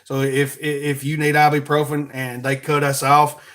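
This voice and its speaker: A man's voice: a little high, completely flat delivery, moderate pace, fairly bright tone. A man with an Alabama accent hosting a podcast in a folksy, rambling, joking monologue. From Alabama, USA. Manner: folksy, joking, plugs merch. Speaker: podcast host.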